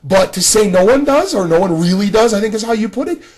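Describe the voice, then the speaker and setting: A man's voice: high voice, animated, fast talker, a little mellow. A man giving a casual spoken video response, talking straight to another creator with frequent restarts. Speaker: gaming commentator.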